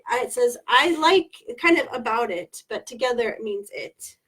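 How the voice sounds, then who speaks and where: A woman's voice: fairly high pitch, lively intonation, normal speed, a bit bright, husky. A woman co-hosting a casual language livestream, translating and asking questions as she learns. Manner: repeats phrases, translates and asks questions. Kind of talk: casual teaching chat.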